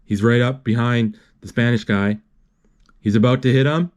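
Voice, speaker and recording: A man's voice: medium pitch, steady tone. A man recapping a film scene by scene while it plays. He stumbles often, breaks off mid-word and corrects himself, in a plain, casual way of talking. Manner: halting, with many restarts and self-corrections. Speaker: movie recapper. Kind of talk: live retelling of a movie as he watches.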